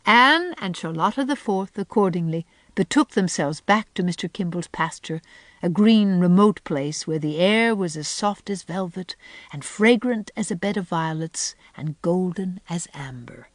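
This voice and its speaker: A woman narrating a classic novel as an audiobook, in measured, gentle storytelling. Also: on the low side, expressive, no room sound. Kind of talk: scripted narration.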